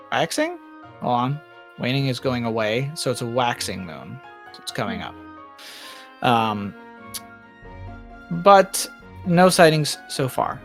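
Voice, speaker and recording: A woman running a tabletop game as game master, narrating loosely with many pauses and fillers. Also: a bass voice, creaky. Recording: dry with soft music behind.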